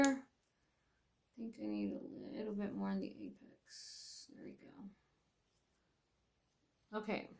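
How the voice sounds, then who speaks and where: A woman's voice: fairly high pitch, creaky. A young adult woman chatting casually at home while doing her own nails, thinking aloud, trailing off and correcting herself. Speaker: nail vlogger. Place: home, at her nail table.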